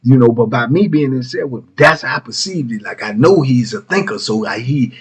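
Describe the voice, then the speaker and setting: A man's voice: mid-range voice, lively intonation, a little fast, slightly rough. A middle-aged man telling prison stories as the show's host, in laid-back street slang with rambling asides. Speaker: storyteller host. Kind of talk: casual prison storytelling. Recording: muffled lo-fi recording.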